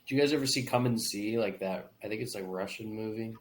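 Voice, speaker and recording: Laid-back young man, low-key chat. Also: fast. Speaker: podcast co-host. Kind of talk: casual film-review chat.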